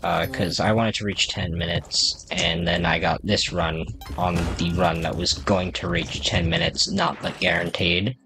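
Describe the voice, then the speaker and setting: Deep-voiced guy rambling thru a game, talks to the characters, music in the background. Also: a little slow, hardly any pauses, bright, forceful tone. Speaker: gaming video creator. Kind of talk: casual gameplay commentary. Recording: music playing behind the voice.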